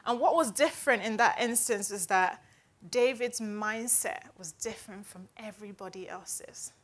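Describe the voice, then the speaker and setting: Speaking at an ordinary pace in a mid-range voice, a woman leads a conversational devotional talk. She teaches the Bible earnestly and casually, often pausing to ask "right?"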